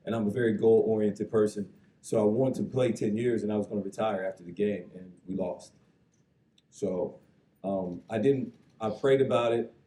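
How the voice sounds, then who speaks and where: A man in his thirties speaks in a fairly low voice, reflective and earnest, as he gives a hall-of-fame acceptance speech. He sounds a little away from the mic, and a big echoing banquet hall carries his words. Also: normal speed, far from the mic. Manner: earnest, reflective, quotes others with lively voices. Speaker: honoree giving an induction speech.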